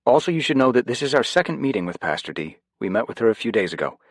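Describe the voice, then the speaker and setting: A man voicing a steady father who speaks calmly and firmly, taking the lead, in an audiobook. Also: medium pitch, quick pace, dry recording, studio quality, pitched above the performer's own voice. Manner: calm and firm. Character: steady, newly confident father.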